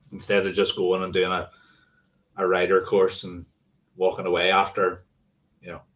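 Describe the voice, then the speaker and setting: A man's voice: sits low, lo-fi sound. A man hosting a casual livestream, rambling and correcting himself and swearing offhandedly. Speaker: motorcycling livestream host.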